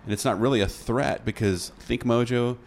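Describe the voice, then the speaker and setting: A man's voice: medium pitch, normal speed, gravelly. A man hosting an interview as a consultant, asking questions in an enthusiastic, encouraging way. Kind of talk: casual interview conversation.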